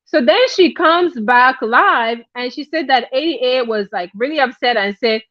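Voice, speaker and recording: High-pitched lady rattling off drama gossip, dry dull-ish audio. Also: a little slow, no room sound. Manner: chatty, animated, drops in asides like "right?". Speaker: commentary YouTuber. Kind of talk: casual gossip commentary.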